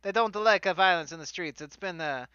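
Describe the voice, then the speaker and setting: A man voicing a fussy male travel writer who speaks in halting, broken phrasing with a bad fake Italian accent, in a tabletop game. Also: high-pitched, sharp tone, clear, resonant tone, dry recording, dull audio. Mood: fretful.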